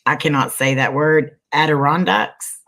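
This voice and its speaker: Relaxed and unhurried, a host with a medium-pitched, vocal-fry voice reads viewer questions from the chat aloud in a casual interview. He answers with short, agreeing replies.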